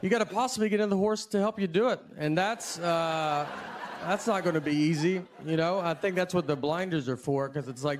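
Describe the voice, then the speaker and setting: A male stand-up comedian telling stories on stage in a low-key, rambling, self-deprecating manner. His voice sits a bit high for a man, and faint noise hangs behind him. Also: brisk. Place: live comedy venue with audience.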